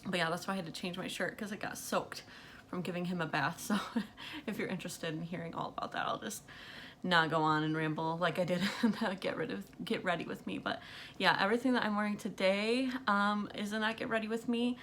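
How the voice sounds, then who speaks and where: Young female vlogger, lowish voice, short of breath, rambly and filler-heavy, chatting to camera. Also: fairly even intonation, a little fast, fairly bright tone, a little hiss or hum. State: out of breath from pregnancy. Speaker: beauty vlogger. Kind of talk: casual makeup chat to camera. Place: bedroom at night under bright light.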